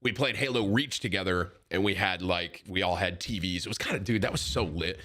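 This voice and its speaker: A man's voice: sits low, fairly quick, bright, forceful tone. A man in his thirties, a streamer chatting casually at a desk mic, rambling with many restarts and frequent laughs. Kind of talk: casual chat.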